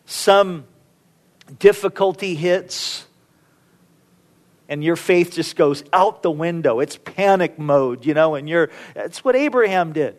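A man preaching a sermon, telling a scripture story in a casual, playful way and acting out the characters. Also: high-pitched. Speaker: pastor.

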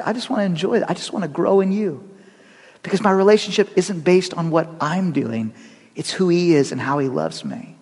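A middle-aged man preaching a sermon in a church, conversational and animated, with self-deprecating humor. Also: fairly high pitch. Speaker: pastor. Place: church sanctuary. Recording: long hall reverb.

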